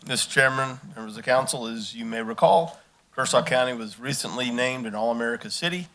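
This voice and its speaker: A man's voice: mid-range voice, fairly even intonation, a little fast, fairly bright tone. A man formally addressing a county council and introducing the next item, with playful exaggeration.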